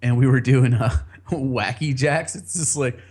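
A man's voice: medium pitch, measured pace, darkish tone. A man casually telling a long personal story on a podcast, rambling, laughing often and swearing freely.

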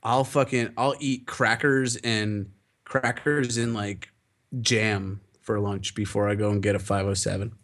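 A man's voice: on the low side, little pitch movement, unhurried, fairly bright tone. A young man rambling through a story in casual chat, acting out the dialogue and swearing often.

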